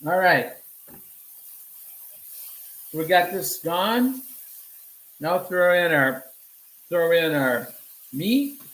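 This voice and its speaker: A man's voice: a little high, big pitch swings, very slow, long pauses, fairly bright tone, reverberant, poor audio. A man giving a casual cooking demonstration, talking to viewers as he cooks and answering his own questions. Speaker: cooking instructor. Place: home kitchen.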